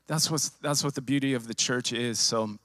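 A man giving a personal testimony to his church congregation, emotional and halting, often repeating and restarting his words into a handheld microphone. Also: mid-range voice, fairly even intonation, pushed and bright, dry recording, clean studio sound. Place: church sanctuary.

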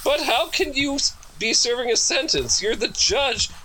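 A man's voice: very high voice, lively intonation, moderate pace, bright, forceful tone, slight background noise, voice pushed up, heavily acted, rough recording. A man voicing an astonished female animal who questions in disbelief. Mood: incredulous. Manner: incredulous questioning.

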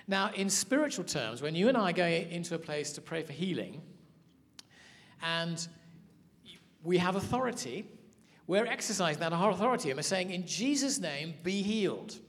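A man teaching a sermon, telling stories in an animated way. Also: high voice, moderate pace, long pauses. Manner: storytelling, animated. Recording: hall reverb.

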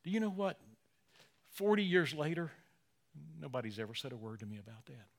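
A man in his sixties preaching a sermon, emotional, dropping to near-whispers and rising to loud, fervent emphasis, slowing on key phrases. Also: medium pitch, very animated, vocal fry. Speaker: pastor.

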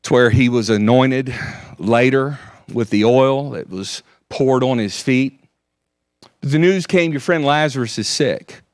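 A man's voice: mid-range voice, a little slow, no echo, clean studio sound. A man preaching a sermon, earnestly quoting scripture. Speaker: pastor.

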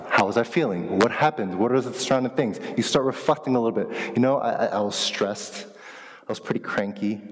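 A pastor delivering a relaxed, animated sermon, talking with his church like a friend. His voice sits in an ordinary middle range. A long reverb hangs on every phrase, as in a large hall. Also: medium pitch. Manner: conversational, animated teaching with asides.

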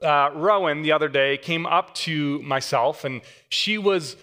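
A man preaching a sermon, an animated storyteller who acts out the voices in his anecdotes. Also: on the high side, unhurried. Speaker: guest pastor. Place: church sanctuary. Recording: long church hall reverb.

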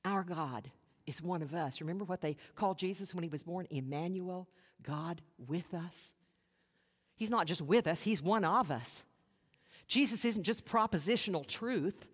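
A woman's voice: on the low side, husky. Woman preaching in a reverberant hall. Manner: earnest, rhetorical questions, dramatic pauses. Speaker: pastor. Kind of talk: sermon.

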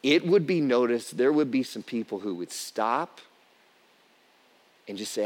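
A man's voice: medium pitch, animated, normal speed, long pauses. Guy pastor preaching, chatty storytelling then punchy, long echo from the church hall. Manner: conversational storytelling, rising to emphatic peaks. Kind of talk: sermon.

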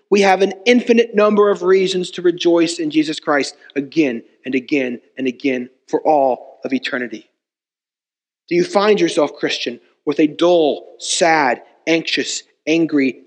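High-voiced pastor preaching in a reverberant hall. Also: male voice. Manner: emphatic preaching with rhetorical repetition. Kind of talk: sermon. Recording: long reverb of a church hall.

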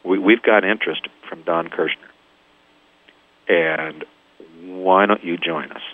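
An older man from Kansas who founded a band tells his story in an interview, speaking slowly in a low voice. He's a lively storyteller who acts out the voices of the people he quotes. The audio comes through a tinny phone line.

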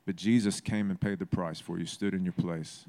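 A man's voice: low-pitched, steady tone, moderate pace, warm tone. A man preaching a sermon in a conversational way, building to emphatic, repeated phrases. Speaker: pastor.

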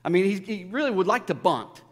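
In a large church hall with long reverb, a male pastor delivers a conversational, emphatic sermon packed with stories. His voice sits high and sounds expressive, moving fairly quickly.

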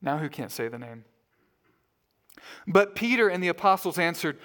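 A man's voice: high voice, expressive, normal speed, fairly bright tone. A man preaching a sermon as a pastor, telling stories in a conversational way.

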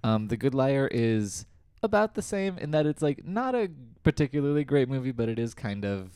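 A man's voice: medium pitch, sing-song, moderate pace, darkish tone, clear, resonant tone, no room sound, clean studio sound. A young man co-hosting a casual podcast, teasing his co-host and laughing often.

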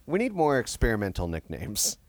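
A man's voice: mid-range voice, wildly swooping pitch, fairly quick, no echo. A young man co-hosting a podcast, talking casually about a movie with dry, wandering jokes and frequent restarts. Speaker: podcast co-host.

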